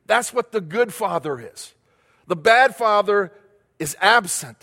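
Male pastor, sermon, high-pitched, emphatic repetition, long hall reverb. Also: expressive, a little slow, sharp tone. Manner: repetitive, emphatic preaching with rhetorical questions.

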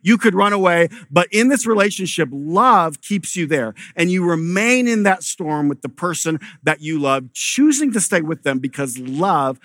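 Male pastor, middle-aged, bright forceful tone, dry close sound, chatty sermon with stories. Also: a little high, lively intonation, normal speed, few pauses, no room sound. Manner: conversational preaching with storytelling and repeated restarts.

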